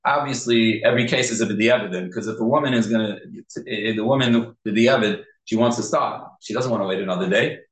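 A man's voice: lowish voice, brisk, hardly any pauses, roomy sound, rough recording. A man teaching a halacha class in Yeshivish English, explaining step by step and repeating key points. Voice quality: Yeshivish English with Hebrew and Yiddish terms. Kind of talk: Torah class lecture.

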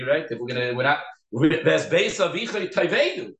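Echoey animated man teaching a Torah class. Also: a little high, fairly quick. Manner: animated, acts out quotes and dialogue. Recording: echoey room.

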